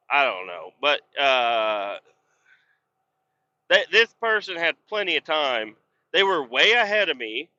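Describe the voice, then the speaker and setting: A man's voice: a little high, sing-song, slow, long pauses, sharp tone, no room sound. A man telling rambling, blunt stories full of swearing, ranting with exasperation as he drives a truck. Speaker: podcast host and truck driver. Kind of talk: rambling casual storytelling. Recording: dull lo-fi sound.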